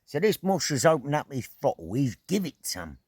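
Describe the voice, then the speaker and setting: A middle-aged man recounts a story to camera from an outdoor camp, talking in a loose, excitable way, swearing and throwing in sound effects. His voice sits at an ordinary pitch for a man. The sound is dry and close, with little sense of the space around him. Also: moderate pace, breathy edge, no echo. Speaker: outdoor vlogger.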